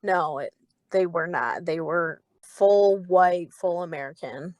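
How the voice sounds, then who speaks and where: Profane, animated young woman podcaster. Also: fairly low pitch, takes it slowly, no echo, dull audio. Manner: animated, profane, full of "like" fillers. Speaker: podcast co-host. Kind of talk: casual storytelling chat.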